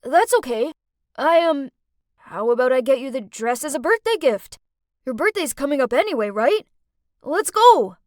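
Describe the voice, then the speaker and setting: Woman playing a nervous dorky teen boy for an animated story, stammers, eager, loud and fairly high. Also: moderate pace, no room sound, studio quality. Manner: stammering, excited.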